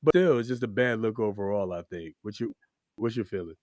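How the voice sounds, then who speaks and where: Joking podcast host, dry close sound. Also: male voice, fairly low pitch, fairly quick, no echo. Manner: animated, loose and joking, mock-scolding asides to sports fans. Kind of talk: casual chat.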